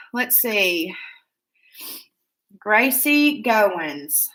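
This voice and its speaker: A woman's voice: mid-range voice, unhurried, fairly bright tone. A woman hosting a casual beauty live stream, reading viewer comments aloud in a gushing, chatty way with lots of fillers.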